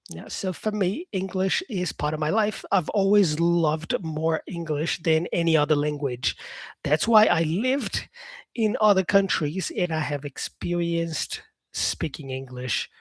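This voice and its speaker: A man's voice: a little high, measured pace, dry recording. A man teaching English, talking casually to viewers and stressing his points by restating them in new words. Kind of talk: casual explanatory talk to viewers.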